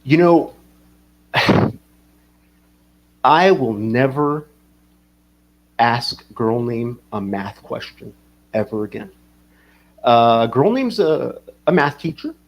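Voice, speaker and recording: A man's voice: medium pitch, very animated, takes it slowly, pauses often. A man hosting a livestream, rambling casually, swearing and reading chat comments aloud. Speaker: livestream host.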